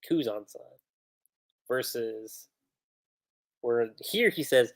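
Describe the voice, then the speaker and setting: A man hosting a livestream, reading manga dialogue aloud and commenting on how two translations differ, acting out the lines with lively emphasis. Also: fairly high pitch, unhurried. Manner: reads character lines aloud with animated emphasis.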